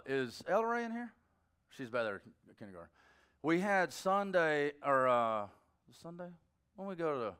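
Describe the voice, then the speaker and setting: A middle-aged male pastor giving an informal sermon, telling stories in a conversational way with sudden bursts of excitement. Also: medium pitch, clean tone.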